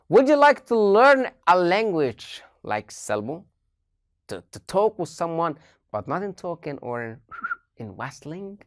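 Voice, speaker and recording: A woman's voice: low-pitched, dry recording, clean studio sound. A woman teacher gives an online English lesson, asking her students many questions and repeating key phrases.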